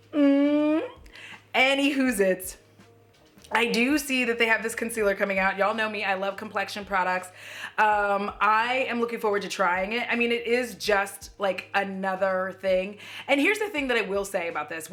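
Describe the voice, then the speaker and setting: A bright, clear-toned American woman talking to camera in a loose, joking vlog style. She rambles, swears casually and laughs at herself as she reviews makeup. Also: medium pitch. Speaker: beauty YouTuber.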